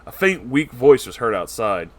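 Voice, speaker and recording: A man's voice: mid-range voice, sing-song, moderate pace, fairly bright tone. A man reading a storybook tale aloud in a theatrical narrating manner. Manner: theatrical, switches into voices for characters. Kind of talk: dramatic storybook reading with character voices.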